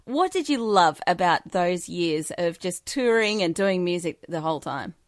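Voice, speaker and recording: A woman's voice: on the low side, animated, moderate pace, no room sound, studio quality. A woman hosting a radio interview, friendly and teasing with her guest. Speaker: radio host.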